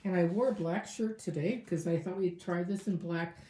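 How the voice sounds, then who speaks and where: A woman's voice: fairly low pitch, moderate pace, warm tone, roomy sound. Chatty woman demonstrating crafts. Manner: chatty, thinking aloud with fillers. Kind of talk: casual crafting tutorial.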